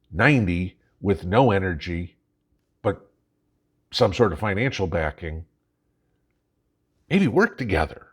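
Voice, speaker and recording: A man's voice: low-pitched, breathy edge. An older man from Chicago with a Chicago accent, hosting a prepping channel in a folksy, chatty monologue that keeps checking in with the viewer. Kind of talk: casual talking-head monologue.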